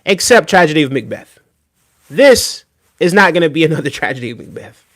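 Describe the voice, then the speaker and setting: Emphatic streamer, higher male voice. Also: sing-song, brisk, fairly bright tone. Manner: emphatic, repeats "right?" often; reads and answers chat. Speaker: streamer reacting to video. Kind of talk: casual livestream reaction commentary.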